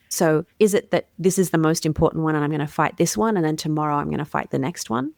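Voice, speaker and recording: An Australian woman explains communication ideas in an easygoing, articulate podcast chat. Her voice sits low with a gravelly edge of fry. The sound is close and dry, with no room around it. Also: dry recording. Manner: articulate, warm, explanatory with everyday fillers. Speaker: communications coach, guest. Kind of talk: conversational podcast interview.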